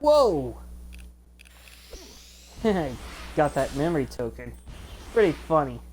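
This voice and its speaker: Chatty, excitable woman with a lively low voice. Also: moderate pace, slight background noise. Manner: chatty and excitable, rambling asides. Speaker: gaming video host. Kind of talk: casual game commentary.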